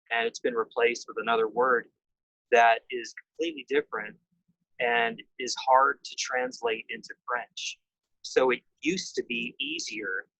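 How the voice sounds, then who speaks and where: A man talking casually in a group chat, excited and rambling, tossing out his own theories and the odd swear word. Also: medium pitch, creaky, breathy edge, no room sound, low-quality recording.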